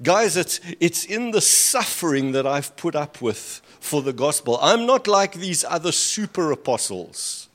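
A preacher with a fairly high, fairly bright voice delivers his sermon in a sing-song, slightly slow way with few pauses, using a handheld or stand mic at a lectern. His scripture reading builds in emphasis, broken up by dry, sarcastic asides.

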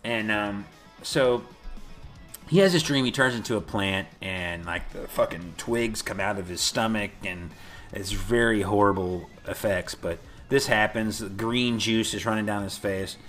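A man's voice: on the low side, unhurried, soft background music. A man co-hosting a casual podcast, recapping a movie with profanity and frequent laughter. He is a bit tipsy from a couple of beers. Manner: profane, laughing, animated storytelling. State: slightly tipsy from beer. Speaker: podcast co-host.

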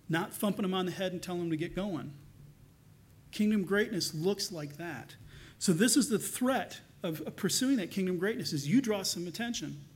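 High-voiced man preaching a sermon. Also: husky. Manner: earnest, swings between loud emphasis and soft hushed lines. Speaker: pastor.

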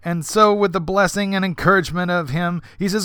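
A man hosting a podcast, telling an anecdote in an animated style with vivid character voices. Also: high voice, fairly quick, smooth, no echo, studio quality. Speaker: podcast host. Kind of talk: anecdotal storytelling.

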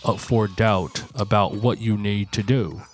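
Give me a stiff mock-British narrator, as a man puts him on, slow and pompous, with a low-set voice. Faint music plays softly underneath. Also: steady tone, close to an everyday voice. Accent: put-on British. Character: mock-posh British man reading a self-help book aloud.

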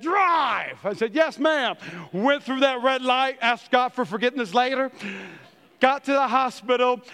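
High smooth-voiced pastor guy preaching in a church hall, lots of reverb, animated storyteller. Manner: animated storyteller, acts out quotes. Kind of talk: sermon with humorous stories.

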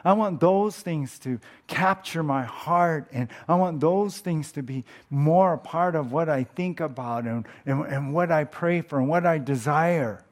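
A man's voice: fairly high pitch, unhurried, few pauses. Conversational male pastor preaching. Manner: conversational, asks the congregation questions, tails off softly at phrase ends. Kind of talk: sermon.

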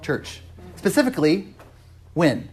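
A man's voice: a little high, big pitch swings, measured pace, breathy edge. Conversational male preacher asking questions. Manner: conversational, asks the congregation questions; frequent restarts and "right?" tags. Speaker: pastor. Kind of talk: interactive sermon.

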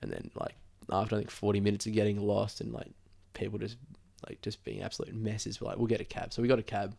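A man, somewhat low in pitch, spins a long anecdote in loose, casual podcast chat. He rambles with plenty of fillers and slips into quoted lines as he goes. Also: lively intonation, fast talker, gravelly, darkish tone. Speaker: podcast host telling a story.

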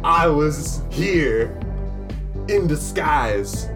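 A man's voice: fairly high pitch, lively intonation, drawn-out words, over music. A man voicing a smug male wrestler who has just revealed his disguise, in a tabletop game. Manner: smug, theatrical.

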